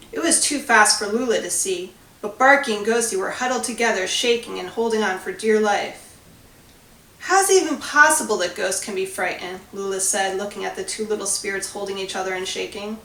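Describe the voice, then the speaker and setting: A woman author reading her children's story aloud with expressive, measured storytelling. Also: mid-range voice. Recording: roomy, distant recording.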